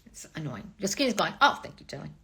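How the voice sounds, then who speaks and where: A woman in her forties, a dating and manifestation coach, chatting casually on a livestream with blunt, profane tough love and swooping high replies. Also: sing-song, quick pace, creaky, fairly bright tone. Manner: sweeping high "oh wonderful, darling" replies. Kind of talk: casual livestream chat reading comments.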